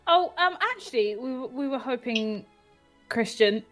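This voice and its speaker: A woman's voice: sits high, expressive, normal speed, a bit bright, faint music behind. A woman playing a tabletop game in character, flustered and polite, often fumbling names. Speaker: player.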